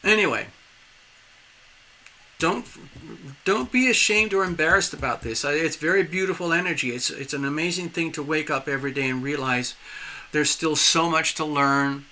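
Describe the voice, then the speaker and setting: A man's voice: on the high side, normal speed, bright, forceful tone. A man giving a live tarot reading in a rambling, spiritual manner. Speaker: tarot reader.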